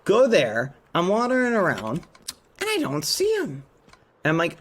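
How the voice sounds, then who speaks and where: Lively, exclamatory male streamer. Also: high-pitched, moderate pace. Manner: animated and exclamatory, avoids swearing. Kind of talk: casual storytelling to stream chat.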